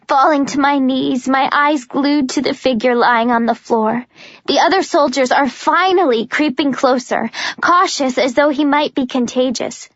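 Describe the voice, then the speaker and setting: A woman narrating a first-person audiobook in a high voice at a slow, deliberate pace. Her reading is intense and dramatic. The recording is dull and dry, with the voice close to the mic. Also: a bit bright, dry recording.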